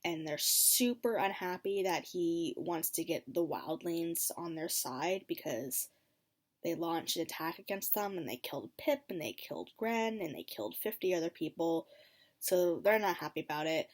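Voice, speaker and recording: A woman casually recapping a TV episode for her vlog. She talks in an expressive, chatty way with frequent ums and likes, swinging between lively bursts and low muttered asides. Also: normal speed. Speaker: TV episode reaction vlogger.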